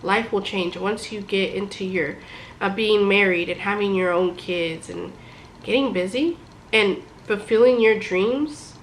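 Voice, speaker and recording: Young woman vlogger, casual and animated, mid-range voice, faint room hum behind. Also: mid-range voice, a little slow, low-quality recording. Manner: chatty and animated, addresses viewers as guys. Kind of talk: casual advice talk to camera.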